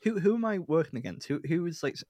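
A comedian guest who rambles through his points, filling them with "like" and breaking into giggles. His pitch bounces around a lot in a mid-range voice. The sound is dry and close, with no room around it. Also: lively intonation, fast, mellow, dry recording. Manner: rambling, heavy use of "like", giggly. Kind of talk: casual comedic chat.

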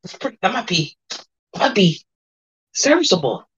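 A woman's voice: mid-range voice, very animated, moderate pace, fairly bright tone, a little hiss or hum. A woman voicing a harried, weary male interviewer at a hero agency, sighing and stammering through repeats. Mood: exasperated. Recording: dull lo-fi audio.

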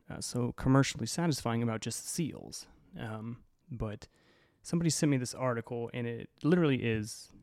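The voice here is medium in pitch and dark in tone, recorded in studio quality with no room sound. Hosting his own podcast, the man tells a story in a loose, wry, rambling way, full of curses and fillers.

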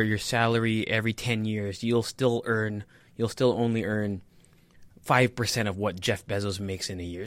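Casual solo talker, male, mid pitch, rambling jokey delivery with swearing, recorded dry and close. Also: fairly bright tone, dry recording. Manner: rambling, self-correcting, joking with profanity. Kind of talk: casual solo chat reacting to an article.

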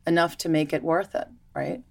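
A children's yoga teacher with a slightly low voice chats casually and with ease at a moderate pace. Her stories come out animated and chatty.

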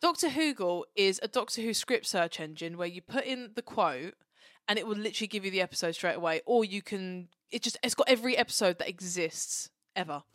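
A young Englishwoman co-hosting a podcast, chatting in an animated, sweary way and slipping into little acted-out voices. Her voice sits at a middling pitch, recorded close and dry. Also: brisk, no room sound. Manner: animated, swears a lot, acts out characters. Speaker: podcast co-host. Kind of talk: casual chat.

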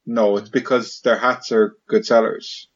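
A man's voice: on the low side, level tone, unhurried, lo-fi sound. A man hosting a podcast, chatting in a jokey way and summing up the topic. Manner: jokey, asks questions and sums up. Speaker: podcast host. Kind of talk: casual chat.

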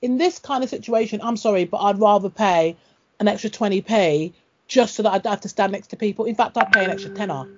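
A woman's voice: mid-range voice, fast talker, a little hiss or hum. A woman in a casual chat, blunt and sweary, telling stories with laughs. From Britain. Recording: dull lo-fi audio.

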